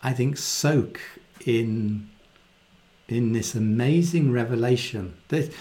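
A man giving a casual, animated Bible talk and often acting out the quoted voices in it. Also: mid-range voice, slow. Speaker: Bible teacher. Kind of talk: conversational Bible teaching.

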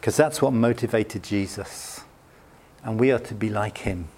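A man's voice: lowish voice, measured pace, darkish tone, slight background noise. A British man preaching a sermon in a conversational, anecdotal way with self-deprecating humor. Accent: British English. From Britain.

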